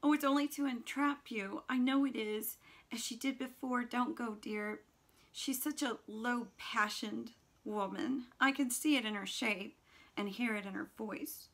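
A woman's voice: steady tone, a little slow. A woman reading aloud as a distraught young woman who pleads tearfully with her lover not to leave. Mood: pleading. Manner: high, loud, tearful pleading.

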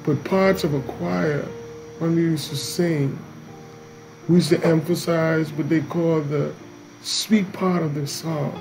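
A man leading a morning devotion, preaching slowly and emphatically and repeating key lines. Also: a little high, steady tone, music in the background, poor audio.

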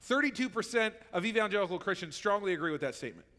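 A man's voice: high-pitched, animated, rapid-fire, bright, forceful tone, in a large hall. A man preaching a sermon as pastor, in a conversational way that keeps checking in with the listeners. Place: church sanctuary.

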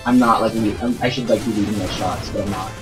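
A man hosting a let's play, commentating casually and excitably, swearing a lot. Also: lowish voice, fast talker, music in the background.

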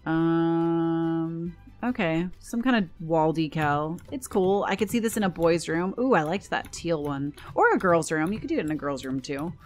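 A woman's voice: low-pitched, expressive, moderate pace, soft background music. A young American woman talking casually as she shows items in a game, gushing over things she likes, with a scratchy throat that keeps catching. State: throat trouble and hiccups. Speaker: gaming YouTuber.

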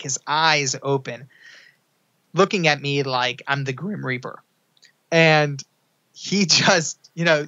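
A young man, an author guest on a podcast, telling a story with energy and acting out the quoted lines in a higher, excited voice. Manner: acts out quotes in a high excited voice. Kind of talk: animated storytelling. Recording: dull lo-fi sound.

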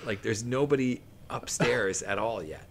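A man's voice: lowish voice, unhurried, breathy edge. A man in his late thirties from southern Ontario, a guest musician telling a long story on a podcast in a rambling, profane way, full of fillers and laughter.

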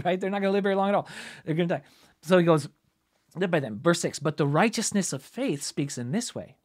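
Male preacher with a slightly higher voice, informal Bible teaching, chatty and thinking out loud. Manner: conversational, thinks aloud, frequent "right?" asides.

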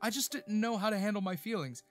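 A man's voice: sits high, expressive, fast talker, soft background music, pitched above the performer's own voice. A man voicing a heartbroken young man who pleads through tears, his voice shaking. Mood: pleading.

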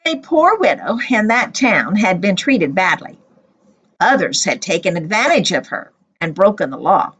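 A woman telling a Bible story to children as a teacher, with expressive storytelling. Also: mid-range voice, normal speed, breathy edge, rough recording.

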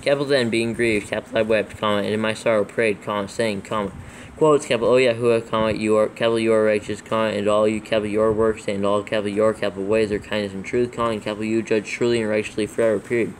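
Scripture is dictated here by a man who calls out capitals and punctuation as he reads steadily for proofreading. He has a low voice with little pitch movement and a quick pace, captured on a rough recording with slight background noise.

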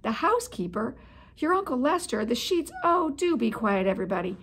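A woman's voice: a little high, animated, brisk, creaky, husky, heavily acted. A woman reading aloud, voicing a fretful mother mouse in an anxious, fluttery way. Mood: flustered.

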